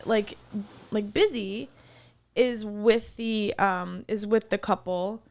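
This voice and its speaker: A woman's voice: mid-range voice, takes it slowly, gravelly. A woman co-hosting a podcast, chatting casually and acting out the people in her story. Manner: animated storyteller, acts out quoted voices. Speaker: podcast co-host. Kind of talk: casual chat.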